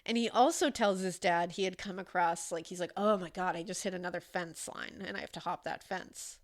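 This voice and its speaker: A woman co-hosting a casual true-crime podcast, telling the case in an animated way, acting out quotes and swearing casually. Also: fairly low pitch, brisk.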